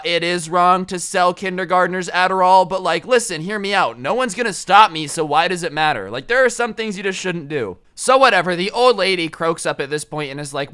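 A young man tells a story in a casual vlog, rambling through slangy asides. His voice is bright and clear with crisp edges and sits slightly high. He keeps it loose and conversational. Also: animated, normal speed, few pauses. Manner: chatty and slangy, heavy on fillers and asides. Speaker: storytime vlogger.

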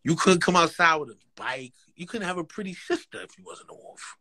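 A man's voice: high-pitched, brisk. A man with a New York accent, a rapper telling street stories in a casual interview, full of slang and acted-out quotes. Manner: animated street slang, acts out quotes, frequent laughs.

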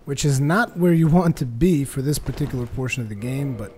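A man doing joking, sarcastic gameplay commentary, getting excited during fights. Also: mid-range voice, a little fast, a little hiss or hum. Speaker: let's play commentator.

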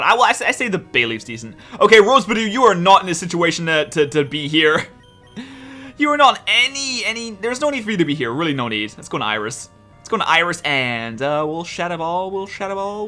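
High, lively, excitable gaming host. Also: male voice. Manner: excitable, exasperated, swearing often. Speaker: let's play host. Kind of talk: gameplay commentary.

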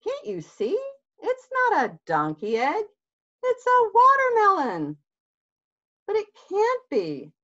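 A quick, boastful hare who snaps out sharp, indignant exclamations, as a woman reading a picture book puts him on. The lines leap up high and bright, and the recording sounds dull and lo-fi. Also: wildly swooping pitch, exaggerated voice.

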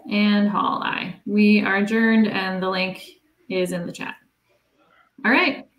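A woman at a mid-range pitch chairs a committee meeting, reading dollar amounts and dates in a brisk, steady list. Her voice comes over a video call with a hollow, echoey room sound around it. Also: muffled recording. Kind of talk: formal meeting procedure.

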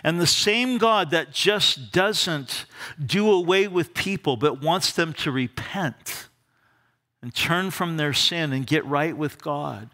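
A male pastor teaching a verse-by-verse Bible study in church, animated and often repeating words as he starts a thought. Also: on the high side, takes it slowly. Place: church during a live service.

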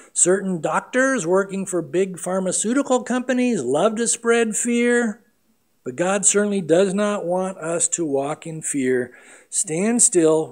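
A middle-aged man preaching a sermon as pastor, earnest and emphatic, with big swings between loud and quiet. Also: high voice.

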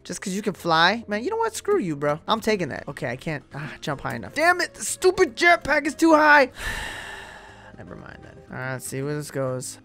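A man hosting casual gameplay commentary, joking and excitable, with sudden yelps and slangy banter. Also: sits high. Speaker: gaming video host.

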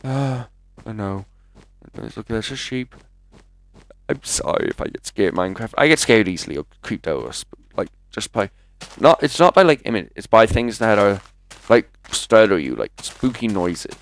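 A man with a somewhat low voice talks through a video game live in an offhand, rambling way. He chats to his viewers between moves and lets out quick, jumpy exclamations when something startles him. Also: sing-song. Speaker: gaming commentator. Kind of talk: live let's-play commentary.

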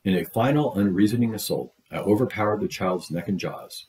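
A man reading a short story aloud in a steady, measured way, voicing the dialogue as he goes. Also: on the low side, low-quality recording. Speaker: audiobook reader. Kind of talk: read-aloud literary narration.

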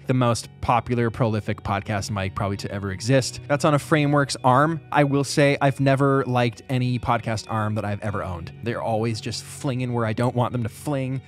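Joking man giving a casual studio gear tour. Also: mid-range voice. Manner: joking, animated asides. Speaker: YouTube creator. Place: his video studio. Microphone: boom mic.

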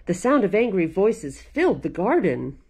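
A librarian reads a picture book aloud to children in a warm, mellow voice. Her pitch rises and falls a great deal, and she is playful and laughs often. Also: sing-song, moderate pace, husky.

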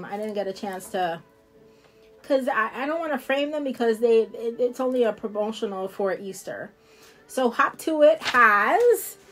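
A woman with a New Jersey accent chatting casually to viewers as she shows off nail products, rambling and laughing easily. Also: on the high side. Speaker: independent nail product seller. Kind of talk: casual live product showcase.

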